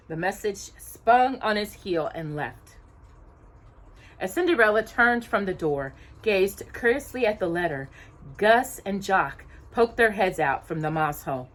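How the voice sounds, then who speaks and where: Expressive woman reading a children's story. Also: on the low side, normal speed. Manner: expressive, acting out each character's lines. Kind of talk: children's story read-aloud.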